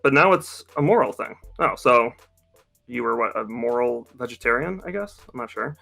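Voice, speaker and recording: A man's voice: mid-range voice, lively intonation, moderate pace, vocal fry, sharp tone, faint music behind. A man hosting a casual chat, talking in a sarcastic, mocking way. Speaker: YouTube host.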